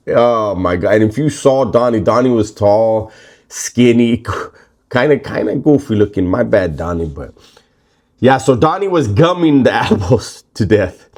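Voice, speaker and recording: A man's voice: lowish voice, moderate pace. Laid-back man spinning a prison story. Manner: relaxed, rambling, heavy slang and swearing. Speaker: storyteller recounting prison life. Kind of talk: casual spoken storytelling.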